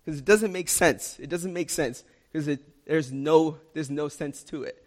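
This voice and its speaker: A man's voice: on the high side, measured pace. A young man preaching a sermon, earnest and emphatic, repeating key lines for stress.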